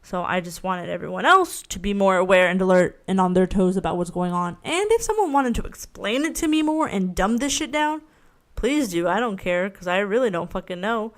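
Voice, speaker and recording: Chatty woman ranting on her own podcast, swears a ton, laughs at herself, average pitch. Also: animated, brisk. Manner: frank, rambling, swears freely, self-mocking. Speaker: podcast host. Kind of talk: casual solo podcast rant.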